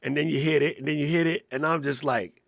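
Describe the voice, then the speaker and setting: A man's voice: on the high side, fast talker, creaky, no echo, clean studio sound. A man from Hawaii co-hosting a live podcast, telling casual stories and acting out the voices of people in them. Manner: animated storytelling, acts out voices in anecdotes. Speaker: podcast co-host.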